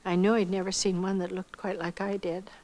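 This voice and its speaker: A woman's voice: medium pitch, fairly quick, poor audio. Older woman telling a vivid personal story. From Iowa, United States. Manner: animated storyteller who acts out quoted dialogue. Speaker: missionary giving her testimony. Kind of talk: storytelling testimony.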